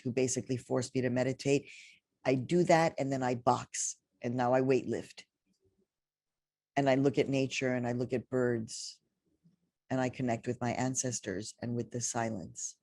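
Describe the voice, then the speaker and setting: A woman's voice: a bass voice, a little mellow, no room sound, studio quality. A middle-aged woman giving a heartfelt commencement speech to journalism graduates. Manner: heartfelt, rising to tearful near the end. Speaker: commencement speaker.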